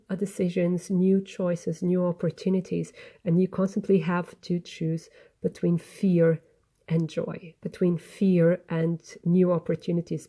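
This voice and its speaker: Mellow-voiced woman giving a tarot reading. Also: on the low side. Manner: gentle, earnest, meandering with restarts. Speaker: tarot reader. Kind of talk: spoken tarot reading to camera.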